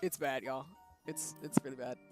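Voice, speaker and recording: A woman streaming a game, chatting casually with her viewers in a playful, flustered way that breaks into loud bursts. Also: very deep voice, fairly even intonation, moderate pace. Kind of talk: casual livestream chat while gaming. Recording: music playing behind.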